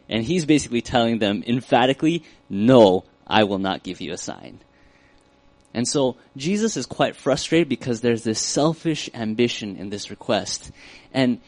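A man's voice: on the low side, dry recording. A man giving a casual, conversational Bible teaching, thinking aloud with fillers and correcting himself as he goes.

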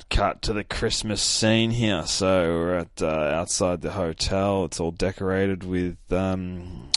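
A man's voice: deep voice, dry recording, studio quality. A hungover young man hosting a podcast, recapping a comic in a rambling, profane, casual way with lots of fillers. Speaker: podcast host.

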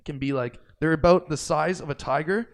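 Male podcast guest, casual and profane, animated storyteller. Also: fairly high pitch, a little fast. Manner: swears freely, excitable and jokey.

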